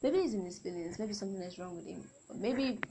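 A woman's voice: mid-range voice, lively intonation, fast talker, creaky, noisy background. A young adult woman hosting a solo podcast, talking in a chatty, rambling way and often correcting herself. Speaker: podcast host.

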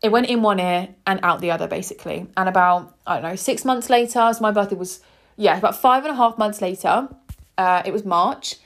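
Young woman, podcast host, personal story, candid, heartfelt, mid-pitched voice. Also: brisk, a bit bright, faint music behind. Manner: candid and heartfelt, with frequent ums.

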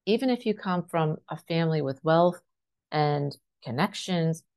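Low-voiced woman coaching directly. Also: lively intonation, measured pace, darkish tone. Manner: direct, asks rhetorical questions, keeps checking in with "right?". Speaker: life coach. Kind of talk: motivational talk to camera.

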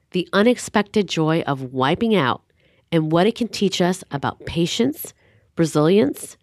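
Woman, podcast host, enthusiastic, upbeat, lowish voice. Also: no echo, studio quality. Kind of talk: podcast hosting and interviewing.

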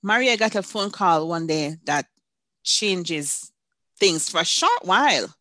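Woman host, bright crisp voice, dry close sound, affirming, faith podcast. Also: on the low side, expressive, slow, dry recording.

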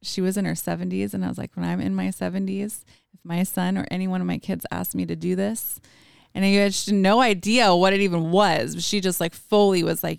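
A woman's voice: on the low side, steady tone, a little fast, creaky, clean tone, no room sound, studio quality. A woman, a mother, telling a personal story in casual podcast talk, full of fillers and acted-out quotes. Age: adult with children. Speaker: podcast guest. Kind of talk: casual conversation.

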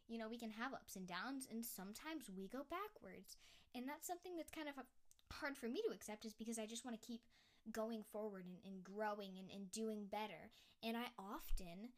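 Young female podcast host, casual solo rant, mid-range voice, thinks aloud with restarts. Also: medium pitch. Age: young adult. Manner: rambling, self-reflective, frequent restarts and "you know".

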